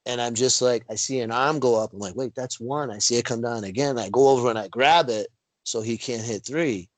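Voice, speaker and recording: A man of medium pitch telling wrestling-ring stories in a loose, conversational way. He jumps into sudden higher pitch when he acts out what people said. The call audio is dry and close. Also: fairly quick, no room sound, rough recording. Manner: animated storyteller, acts out quotes with big pitch jumps. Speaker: wrestling referee guest. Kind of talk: casual storytelling interview. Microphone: video call.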